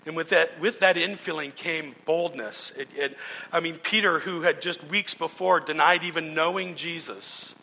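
A man's voice: fairly high pitch, normal speed, pushed and bright. A male pastor preaching a sermon, telling stories earnestly with frequent restarts. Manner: earnest storytelling with repeated restarts. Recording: long hall reverb.

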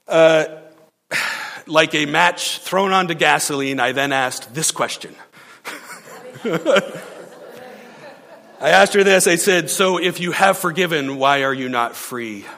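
A man's voice: fairly high pitch, big-room sound. A man preaching a sermon as a pastor, telling a story with frequent laughs and acting out the quotes. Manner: animated storyteller, laughs often, acts out quotes.

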